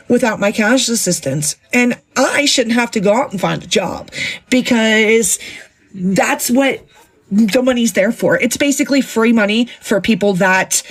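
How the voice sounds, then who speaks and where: A woman's voice: mid-range voice, slightly rough. A woman complaining indignantly to her viewers in a casual phone video. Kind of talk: casual social media rant.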